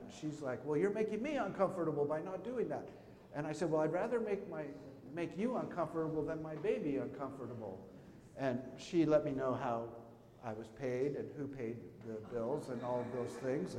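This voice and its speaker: A man's voice: on the high side, darkish tone, slight background noise. A middle-aged man preaching a conversational sermon as pastor, telling stories and asking the congregation questions. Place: church sanctuary. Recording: echoey church hall with a long reverb.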